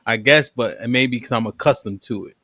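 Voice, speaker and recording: A man's voice: mid-range voice, normal speed, bright, forceful tone, no room sound, studio quality. A man hosting a live stream in a laid-back, chummy way. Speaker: podcast host. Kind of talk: casual live-stream chat.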